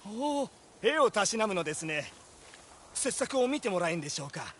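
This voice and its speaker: An actor voicing a calm, courteous male painter in a video game, soft-spoken and polite. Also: high-pitched, racing, a little hiss or hum. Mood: gentle, measured. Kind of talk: Japanese video game voice acting.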